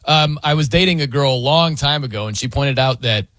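A man's voice: mid-range voice, fairly quick, a bit bright, no room sound. A man hosting a radio show, chatting casually, laughing often and mimicking how other people pronounce words. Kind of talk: casual studio banter.

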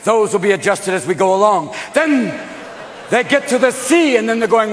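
A man performing stand-up comedy, animated and loud, jumping into characters and shouting punchlines. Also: high-pitched, moderate pace, slight background noise.

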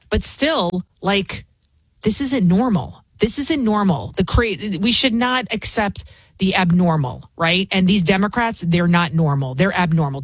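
A woman's voice: mid-range voice, no room sound. Fill-in radio host, woman, scornful ranting delivery, dry close sound. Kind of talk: talk radio commentary.

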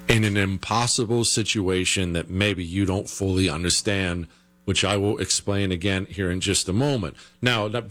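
An American man hosting an opinionated political talk show, animated and rhetorical, with mocking asides. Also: fairly low pitch.

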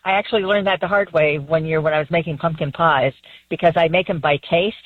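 A woman's voice: sits low, steady tone, fast, husky, no echo. A woman from Florida calling into a radio show, chatty and giggly as she tells a kitchen story. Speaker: caller. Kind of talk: call-in phone conversation. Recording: tinny phone line.

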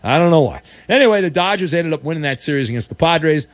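A male sports radio host talks in a playful, teasing way, and his pitch swings widely. He sits close to a dry studio microphone. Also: lively intonation, fast talker, dry recording.

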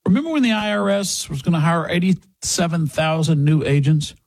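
A man's voice: on the high side, fairly quick, noisy background. Urgent man reading a radio ad. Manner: urgent, persuasive. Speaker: ad reader. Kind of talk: radio ad read.

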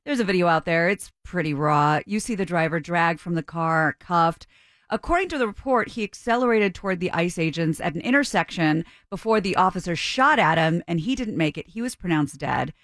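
A woman's voice: fairly low pitch, no room sound. A woman reading the news on a radio morning show in a casual, joking way, laughing between items. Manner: laughs often, jokey asides.

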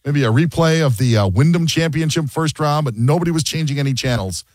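A man's voice: a little high, lively intonation, a little fast, darkish tone, no room sound. A man hosting a sports radio show, chatting casually and joking, often mimicking other people mid-story.

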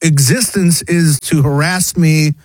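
A man's voice: on the high side, steady tone, takes it slowly, darkish tone, breathy edge, no room sound. A man co-hosting a casual commentary chat, eagerly explaining a story and acting out the quotes. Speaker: co-host.

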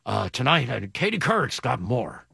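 A man's voice: mid-range voice, very animated, normal speed, vocal fry, pushed and bright, husky, dry recording, studio quality, voice pushed down, heavily acted. A man putting on a muffled, hot-potato impression of an aging male TV news anchor. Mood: solemn newscaster.

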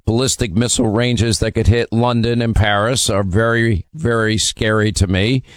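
A man's voice: lowish voice, steady tone, moderate pace, clear, resonant tone, no echo. A man hosting a call-in radio talk show, speaking emphatically with frequent fillers and restarts. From United States.

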